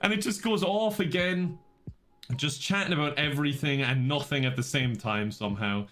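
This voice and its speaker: A man with an Irish accent telling a casual anecdote on a stream, rambling, animated and often cutting himself off. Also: a little high, moderate pace, soft background music. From Ireland. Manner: rambling, animated, self-interrupting.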